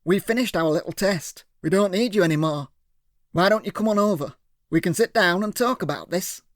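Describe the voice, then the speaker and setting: Man doing a smooth villain boss, patronizing, mid-high voice, dry audiobook sound. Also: fairly quick, no echo, close to an everyday voice. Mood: coaxing. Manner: smooth, patronizing, calls others lad and son. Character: menacing villain boss, cool and coaxing.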